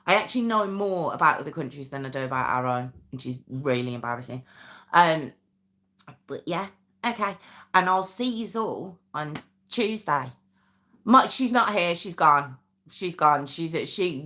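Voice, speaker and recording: A woman's voice: fairly low pitch, sharp tone. A woman with an English Midlands accent hosting a casual live stream, chatting and rambling as she reads out viewer comments. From England. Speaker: true crime livestream host.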